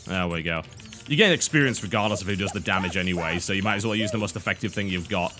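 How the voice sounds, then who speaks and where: A man's voice: low-pitched, quick pace, sharp tone, faint music behind. A British man giving a game review commentary over gameplay, dry and sardonic with self-mocking asides.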